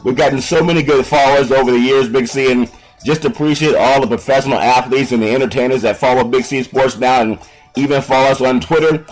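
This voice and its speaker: An upbeat man hosting a sports talk radio show, folksy and rambling as he thanks his listeners. His voice is mid-pitched. Faint music plays under the broadcast. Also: fast talker, low-quality recording.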